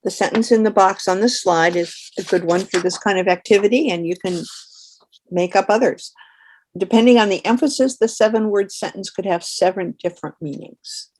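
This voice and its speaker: A woman's voice: mid-range voice, moderate pace, a little mellow. A woman giving a tutor training presentation, explaining reading activities in a conversational, practical way. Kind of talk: instructional presentation.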